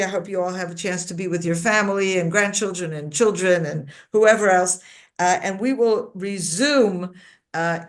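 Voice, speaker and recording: Woman teaching a Bible class. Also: medium pitch. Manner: reads a verse aloud, then explains it informally; conversational, with frequent fillers and asides to the class. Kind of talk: interactive class lecture.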